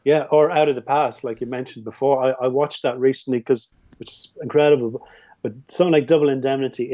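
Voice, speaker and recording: An Irish filmmaker, a guest on a podcast, talking casually about films in a rambling way with frequent restarts. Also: male voice, medium pitch, dark tone. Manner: rambling, with many restarts and fillers. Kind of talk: casual film discussion. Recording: dull, muffled audio.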